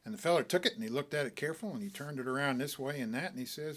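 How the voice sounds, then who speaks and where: A man reading a short story aloud as a folksy, animated tall-tale teller. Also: medium pitch, racing, hardly any pauses.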